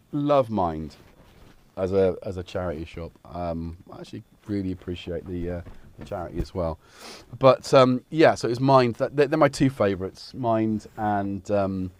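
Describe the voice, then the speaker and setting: Chatty man with a lively voice. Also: mid-range voice, dry recording. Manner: chatty, meandering, self-interrupting. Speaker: livestream host. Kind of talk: rambling casual chat. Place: home studio.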